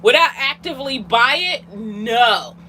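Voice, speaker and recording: A woman's voice: a little high, expressive, measured pace, bright, forceful tone, slight background noise, low-quality recording. A woman chatting casually on a livestream, giggly and talking to her cat, from inside her van. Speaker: vlogger hosting a livestream.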